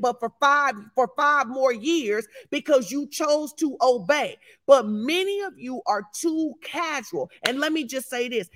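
A woman's voice: sits high, fairly bright tone. A woman pastor preaching a live-streamed sermon, emphatic and repetitive as she decrees and declares.

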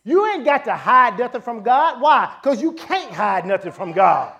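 High-voiced preacher man, fervent. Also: moderate pace, creaky, highs cut off. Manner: leads the congregation in repeat-after-me lines; rises from calm teaching to shouted fervor. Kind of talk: Pentecostal-style preaching with call-and-response. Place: church service.

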